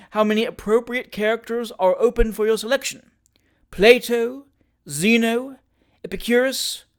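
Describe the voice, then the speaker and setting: A reader voicing a grave, pompous gentleman who speaks formally and effusively in an audiobook. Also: medium pitch, voice pushed up. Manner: formal, effusive, repeats sir. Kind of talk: audiobook character reading.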